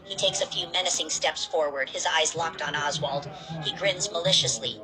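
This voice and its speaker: A woman reading out an amateur fan story in a steady, plain way. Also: low voice, normal speed, low-quality recording. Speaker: narrator.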